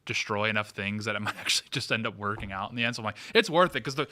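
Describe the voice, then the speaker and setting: A man with a very bright, sharp voice rattles off rambling anecdotes on a podcast panel. He talks fast, laughs often, and strings his thoughts together with lots of "like.". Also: on the low side. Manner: rambling, laughing, full of "like" fillers. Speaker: podcast co-host. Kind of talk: casual panel chat.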